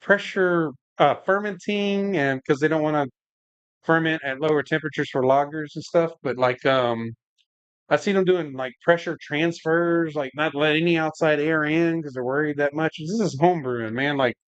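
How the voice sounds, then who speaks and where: A man's voice: a little high, moderate pace, clean tone, no room sound, lo-fi sound. Laid-back rambling man brewing on stream. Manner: reads and answers chat while working. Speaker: home brewing livestream host. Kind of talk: casual livestream chat.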